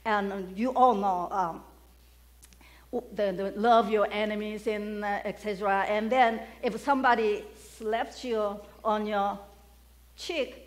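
A woman's voice: medium pitch, steady tone, slow pace. A woman preaching a sermon, asking the congregation questions and stressing key words. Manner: questions the congregation, emphatic call-and-response.

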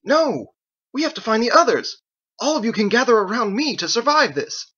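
A man's voice: fairly high pitch, fairly quick, a bit bright, breathy edge, voice pushed up. A man voicing a desperate, frantic man who pleads in urgent outbursts, in a dull lo-fi recording. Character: frantic, soaked man desperate to save others.

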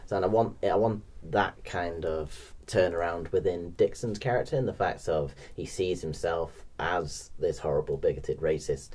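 Man, podcast co-host, deep voice, husky, hesitant, casual film chat. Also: moderate pace, hardly any pauses, darkish tone. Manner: hesitant, many fillers, laughs often.

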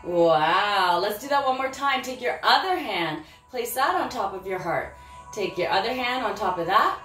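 A woman's voice: medium pitch, animated, normal speed, fairly bright tone, reverberant, faint music behind, low-quality recording. A woman teaching preschool yoga, encouraging and sing-song, making animal sounds as she guides the poses. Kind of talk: guiding a preschool yoga class.

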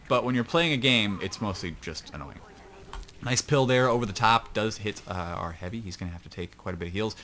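Male shoutcaster, lowish voice, chatty rambling delivery with jokey asides, faint hum behind. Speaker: esports shoutcaster. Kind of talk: casual play-by-play game commentary.

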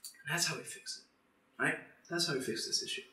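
A young man hosting a comedic, profane rant, swearing constantly and bursting into shouts. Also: fairly high pitch, fairly even intonation, fairly quick. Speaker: channel host. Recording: echoey room.

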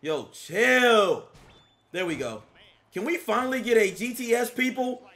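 Young guy yelling over a wrestling game, super bright voice, swings up and down a lot. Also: very high-pitched, animated, a little slow. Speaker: gaming YouTuber. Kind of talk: live gameplay commentary.

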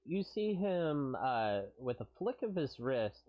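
A man narrating a tabletop game as game master on a live stream, halting, with many fillers and casual swearing. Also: medium pitch, very animated, muffled recording.

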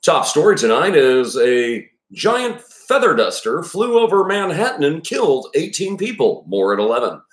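A man voicing a polished male TV news anchor with a crisp, formal newsreader delivery. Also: on the high side, big pitch swings, normal speed, hardly any pauses, voice pushed up. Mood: announcing. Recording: roomy echo.

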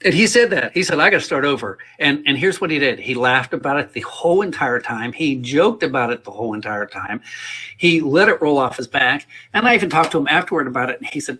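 A man's voice: mid-range voice, animated, quick pace, bright, forceful tone, slightly rough. A man leading a music workshop, talking earnestly in a rambling, casual way, often repeating himself. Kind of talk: casual spoken workshop talk. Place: indoors, livestream.

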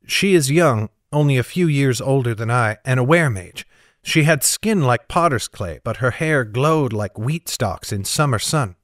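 A man's voice: medium pitch, lively intonation, dry recording, clean studio sound, lightly acted. A man reading an audiobook, voicing an anxious, proud young noblewoman in a raised voice. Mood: recounting. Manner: anxious, proud, quick to snap. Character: frightened young noblewoman on the run.

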